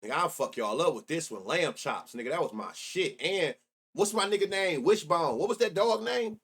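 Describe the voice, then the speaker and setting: A man's voice: fairly high pitch, animated, moderate pace, a bit bright, slightly rough. A middle-aged man hosting a sports betting live stream, chatting loosely and profanely while reminiscing and reacting to his chat. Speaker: sports betting show host.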